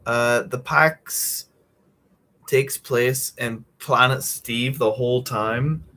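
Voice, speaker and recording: A man's voice: mid-range voice, fairly even intonation, extremely slow, bright, forceful tone. A young man streaming from home at night, chatting casually and meandering with lots of fillers and casual swearing while he draws a comic. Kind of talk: casual rambling chat while drawing.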